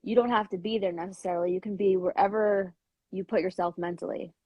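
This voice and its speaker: A woman with a slightly rough morning voice speaks in a mid-range pitch, close to the mic and dry. She talks hesitantly, with fillers, spelling out her points slowly as a guest in a casual chat. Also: fairly even intonation, mellow, no room sound, dull audio. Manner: hesitant with many fillers, slow deliberate listing. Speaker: educator and author, guest. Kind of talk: casual video-call interview.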